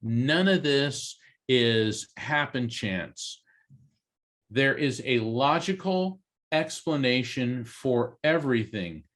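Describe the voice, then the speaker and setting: An earnest man who grew up on the Florida coast tells a personal story as an interview guest. His voice sits at an ordinary middle pitch. He briefly acts out the voices of the people in his story. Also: a bit bright. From East Coast Florida. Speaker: interview guest, psychic medium and author.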